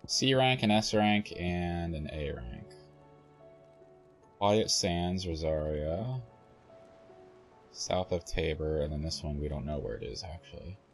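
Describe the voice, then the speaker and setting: A man's voice: sits low, slow, long pauses, soft background music. A man streaming a game, thinking aloud in a mumbling, swearing way. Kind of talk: casual gameplay commentary.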